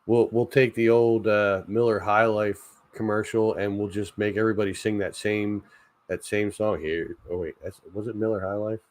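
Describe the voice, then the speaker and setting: A man's voice: on the low side, fairly even intonation, normal speed, no room sound. A man hosting a casual late-night chat stream, rambling and joking, often laughing at his own ideas. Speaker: channel host.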